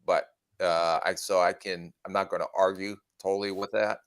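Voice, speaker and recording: A man co-hosting a sports podcast, answering in a plain, measured way with short verdicts. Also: sits low, little pitch movement, smooth, no echo. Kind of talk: casual sports podcast chat.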